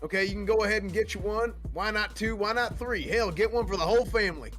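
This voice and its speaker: A man doing a cantankerous old-timer sports caster, drawling and cussing with folksy indignation. The voice sits high for a man. Faint music plays underneath. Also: fast talker, fairly bright tone. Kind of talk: comedic sports desk role-play.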